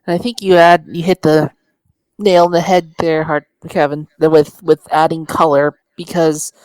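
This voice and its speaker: A man co-hosting a podcast in casual chat, speaking haltingly and searching for words. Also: a little high, flat delivery, smooth, dry recording, poor audio. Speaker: podcast co-host.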